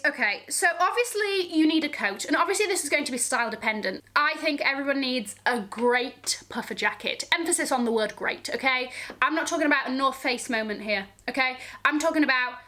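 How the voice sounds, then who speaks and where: A woman's voice: high voice, pushed and bright, slight background noise. A woman vlogging about fashion, sassy and gushing, full of slang and frequent "okay?" check-ins. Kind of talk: casual to-camera fashion chat.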